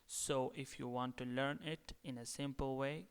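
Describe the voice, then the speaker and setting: A man giving a slow video lecture as a language teacher, repeating each word several times. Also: mid-range voice, fairly even intonation, clear, resonant tone. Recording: long reverb.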